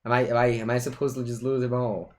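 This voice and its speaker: A man's voice: mid-range voice, little pitch movement, fast, darkish tone. A man, chatting playfully through casual commentary while playing a digital card game. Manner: chatty and playful, breaking off to talk to his cat. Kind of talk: casual live-play commentary.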